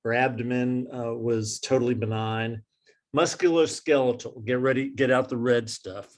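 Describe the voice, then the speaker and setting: A man steadily lists physical exam findings in a brisk, matter-of-fact delivery. His voice sits at an ordinary middle pitch. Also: steady tone. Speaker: case presenter. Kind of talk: reading a clinical case aloud.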